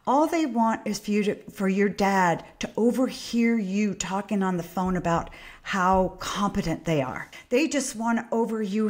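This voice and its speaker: A woman who is a parenting expert and an interview guest, speaking emphatically and passionately, with quick restarts. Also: mid-range voice. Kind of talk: conversational interview.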